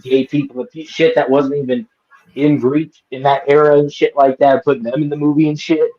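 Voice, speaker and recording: A man's voice: fairly high pitch, level tone, fairly quick. A man hosting a casual live-stream chat, ranting with lots of swearing and mocking people by putting on silly voices. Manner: profane, ranting, mocks people in put-on voices. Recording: dull lo-fi sound.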